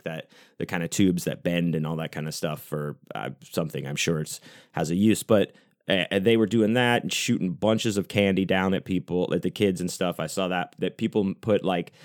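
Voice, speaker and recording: A man's voice: low voice, dry recording, studio quality. A man hosting his podcast, talking in a loose, rambling way with casual swearing. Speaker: podcast host. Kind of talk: casual monologue.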